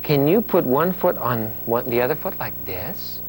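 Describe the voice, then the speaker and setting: A man working as a children's portrait photographer, coaxing a little girl with playful, hushed talk and sing-song humming. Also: mid-range voice, animated, moderate pace, faint music behind, rough recording.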